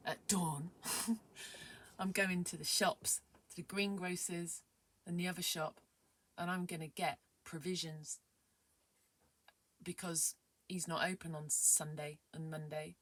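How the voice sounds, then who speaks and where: Rambling excitable woman, low voice. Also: takes it slowly, pauses often, a little hiss or hum. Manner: excitable, rambling, many fillers, drops to whispers. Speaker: vlogger. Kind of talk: casual vlog chat.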